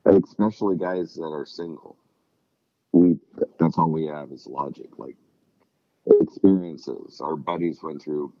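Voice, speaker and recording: A man's voice: a bass voice, steady tone, a little slow, dry recording, dull audio. A middle-aged man chatting casually, rambling and swearing as he acts out quotes. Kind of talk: casual chat.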